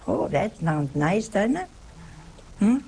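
Creaky-voiced woman preaching with folksy humor. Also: medium pitch, very animated, takes it slowly, dark tone, a little hiss or hum, rough recording. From Italian-American family. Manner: folksy, humorous storytelling with rhetorical questions. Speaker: religious teacher giving a talk. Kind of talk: sermon.

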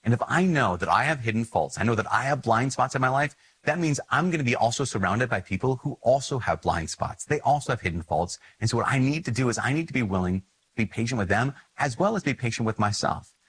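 A man's voice: mid-range voice, animated, quick pace, breathy edge, low-quality recording. A man, a Catholic priest, giving an earnest, conversational homily full of asides. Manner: earnest, conversational, with asides and acted-out inner voices.

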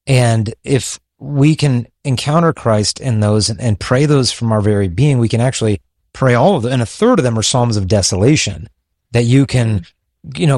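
A man's voice: medium pitch, a little mellow, dry recording, clean studio sound. A man co-hosting a faith-based podcast, talking in an earnest, reflective way with frequent restarts. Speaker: podcast co-host.

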